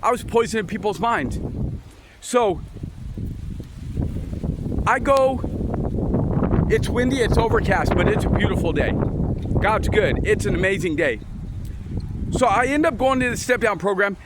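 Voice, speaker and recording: A man's voice: high voice, lively intonation, unhurried, pauses often. A man telling his life story in a casual, rambling way, restarting sentences and acting out the conversations he recalls, recorded outdoors on a windy day. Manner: rambling, restarts, acts out quoted exchanges. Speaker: storyteller sharing his testimony. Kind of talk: casual personal testimony.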